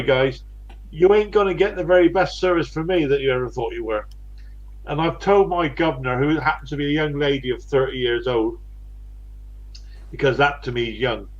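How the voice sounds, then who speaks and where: A man's voice: a little high, muffled recording. A man in his late sixties with a West Country English accent, hosting a casual chat in a blunt, chatty way and chuckling often. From England. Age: 60s. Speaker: host.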